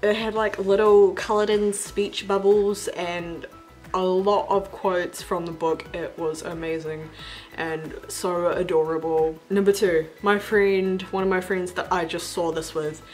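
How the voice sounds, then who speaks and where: A young woman from New Zealand chatting casually in a movie review vlog, bubbly and playful with quick asides. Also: on the low side, steady tone, a little mellow. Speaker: vlogger. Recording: faint background music.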